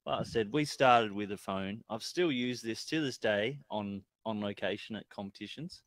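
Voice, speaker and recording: A man's voice: on the low side, moderate pace, fairly bright tone, no echo. An Australian man chatting as a guest in a casual chilli tasting chat, blunt and laid-back, swearing freely.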